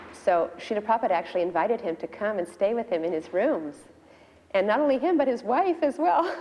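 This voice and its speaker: Older woman, lowish mellow voice, chatty storyteller acting out quotes, long room reverb. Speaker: devotee sharing memories. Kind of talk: recounting a personal memory.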